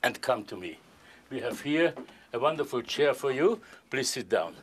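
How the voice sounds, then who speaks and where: Playful stage magician with lively pitch. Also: male voice, moderate pace, slight background noise. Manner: playful, polite and formal, joking with the volunteer. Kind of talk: stage magic performance with audience volunteer.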